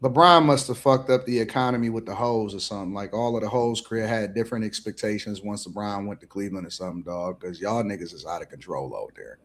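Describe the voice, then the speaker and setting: A man's voice: fairly low pitch, fast, hardly any pauses, a bit bright. A man hosting a casual panel show, reading out viewer comments in a slangy, joking way. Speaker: podcast host reading chat.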